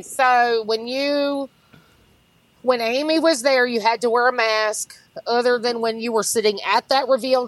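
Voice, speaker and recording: A woman, a podcast guest telling stories in an animated way, laughing and acting out what others said. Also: a little high, poor audio. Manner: animated, laughs through stories, acts out quotes. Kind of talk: casual storytelling.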